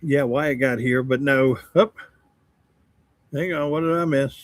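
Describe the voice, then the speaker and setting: Hosting a relaxed livestream, a radio host in his sixties reads out viewer comments and ribs himself in an easygoing, chatty, joking way. He speaks unhurriedly in a medium-pitched, middle-register voice, and the audio is dry with no room echo.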